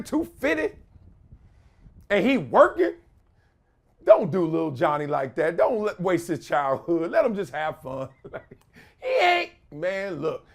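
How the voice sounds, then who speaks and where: A male podcast host with a high voice that swoops up and down as he talks. He laughs often and drops briefly into quick voices of other people, riffing in a loose, casual way. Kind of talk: casual commentary talk.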